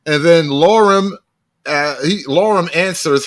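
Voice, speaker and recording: A man with a higher-than-average, bright and forceful voice gives live reaction commentary for his viewers. He talks in a profane, mocking way, riffing joke after joke. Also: animated, unhurried. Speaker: streamer reacting to a video.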